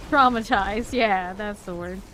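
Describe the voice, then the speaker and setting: A woman chats casually while she streams a game, reacting to her viewers and laughing often. Her pitch sits in the middle of the range. A steady wash of noise runs behind her voice. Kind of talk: casual gameplay streaming chat.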